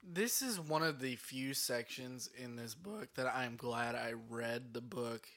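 Measured man in a book chat. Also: medium pitch, lively intonation, fairly bright tone. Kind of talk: casual book-club chat.

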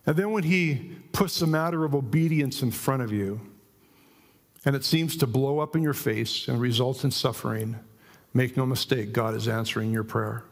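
A middle-aged man preaching a sermon in church, emphatic and animated, often asking the congregation questions. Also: medium pitch, moderate pace.

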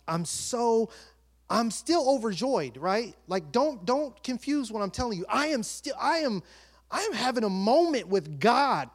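A male pastor preaching a sermon, reading scripture and telling a personal story with animated, shifting delivery. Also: high voice. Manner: animated storytelling, shifting between soft and loud.

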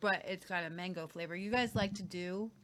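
A woman's voice: lowish voice, a little fast, fairly bright tone. Rambling woman in casual chat. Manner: rambling, many fillers and restarts. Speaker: co-host.

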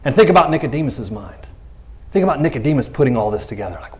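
A man's voice: mid-range voice, expressive, fast, long pauses. A man preaching a casual, conversational sermon, telling stories animatedly and acting out quoted lines in playful voices. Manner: conversational fillers like "you know what I mean". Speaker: pastor.

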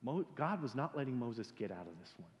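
A male pastor preaching a sermon in a church, animated and joking, often repeating words as he starts sentences. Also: mid-range voice, fairly quick, highs cut off. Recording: echoey hall reverb.

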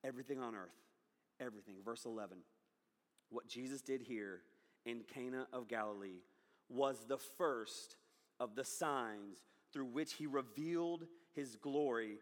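A man in his thirties preaching a sermon with lots of energy, swinging from loud to hushed. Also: mid-range voice, slow pace, long reverb tail. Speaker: pastor.

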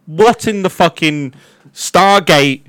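A man co-hosting a comedy podcast, ranting and swearing with quick jokes. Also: sits high, fairly bright tone, no room sound, studio quality. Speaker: podcast co-host. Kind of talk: comedic banter.

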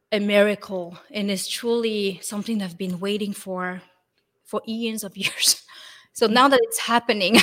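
A woman, a guest telling her spiritual story in an expressive way and acting out the voices she quotes. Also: medium pitch. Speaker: interview guest. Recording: long hall reverb.

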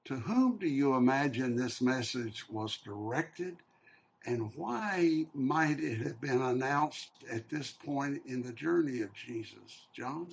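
A man leading a Bible study discussion, speaking in a slow, measured, reflective way and posing questions to the group. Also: mid-range voice, lively intonation, creaky. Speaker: discussion leader.

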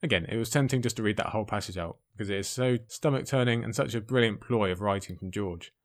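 A man giving an excited commentary on a fantasy book, speaking emphatically between the passages he reads out. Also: lowish voice, fast. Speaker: book reviewer.

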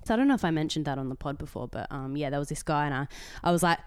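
A woman's voice: sits low, very fast, clear, resonant tone, dry recording, studio quality. A young Australian woman co-hosting a podcast, telling a story in casual chat and acting out the people in it. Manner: animated storytelling, acts out quoted voices. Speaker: podcast co-host.

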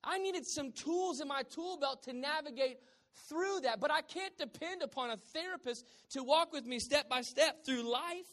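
A pastor with a Southern US accent and a high, fairly bright voice preaches in a church hall filled with a congregation. He is humorous and conversational, joking with the people and quizzing them with questions.

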